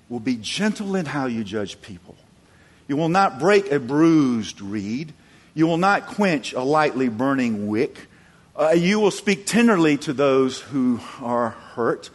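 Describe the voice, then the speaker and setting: Preaching man, dramatic swings in loudness. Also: lively intonation, unhurried. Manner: dramatic shifts from loud emphatic peaks to low quiet asides; acts out quoted voices, chuckles. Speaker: pastor. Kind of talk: sermon.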